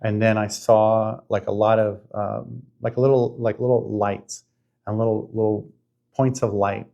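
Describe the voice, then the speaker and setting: A man in his fifties hosting a podcast, telling a spiritual story in an earnest, halting way with many restarts. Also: fairly low pitch, flat delivery, gravelly, mellow, lo-fi sound. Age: 50s. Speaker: podcast host.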